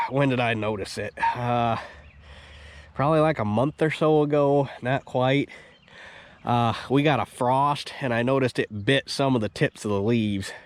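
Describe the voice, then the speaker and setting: A man with a stuffy, nasal voice, rambling in an upbeat way as he talks through a farm vlog outdoors by a field. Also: mid-range voice. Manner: rambling, upbeat, restarts often. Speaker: farm vlogger. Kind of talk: casual vlog commentary.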